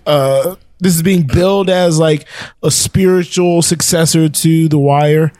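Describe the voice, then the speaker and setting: Podcast co-host, male, slightly high, chatty and rambling, dry close mic. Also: fairly even intonation, unhurried, a little mellow, no room sound. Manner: rambling, laughs often, many fillers. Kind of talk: casual chat.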